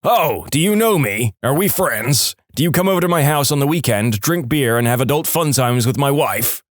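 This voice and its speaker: A man playing an angry drill sergeant who mocks in a sarcastic, yelling tirade. The voice jumps between high and low, and the recording is dry. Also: animated, moderate pace, no room sound, natural voice.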